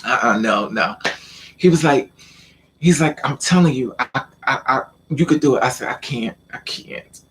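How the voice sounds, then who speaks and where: A man telling a personal story in a casual vlog, talking in an animated way with stammering repeats and acting out the lines of the people in it. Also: mid-range voice, a little hiss or hum. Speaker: vlogger.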